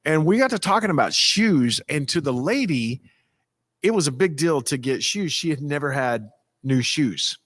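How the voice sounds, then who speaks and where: A man's voice: fairly high pitch, normal speed, no echo. A man, a pastor, telling stories in a folksy, rambling way and acting out the people he quotes. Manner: animated, acts out quoted people with a raised voice. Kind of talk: casual storytelling talk.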